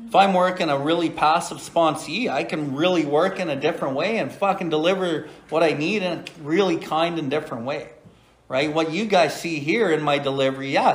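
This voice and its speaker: A middle-aged man hosting a recovery podcast, talking bluntly and profanely with many "right?" asides and reading aloud from a recovery book. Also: fairly high pitch. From Canada. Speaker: recovery podcast host and sponsor. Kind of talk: blunt casual talk and Big Book reading.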